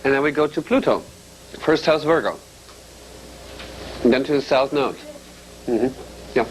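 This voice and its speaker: A man's voice: mid-range voice, measured pace, a little hiss or hum, poor audio. A man teaching an astrology class to a group, explaining step by step and often checking in with a questioning "yeah?".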